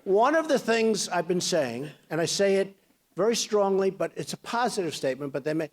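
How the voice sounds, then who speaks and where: A man in his sixties delivers a loose, rambling campaign speech, bragging freely and drifting off on tangents. His voice sits fairly high for a man, and his delivery stays chatty rather than formal. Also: sing-song, brisk. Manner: boastful, rambling, conversational. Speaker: political candidate.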